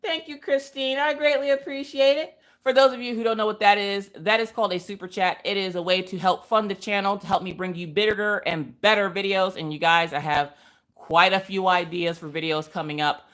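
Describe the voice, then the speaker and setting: A woman's voice: mid-range voice, fairly even intonation, a little fast, fairly bright tone. A woman, hosting a casual live craft stream, greeting viewers by name and laughing often.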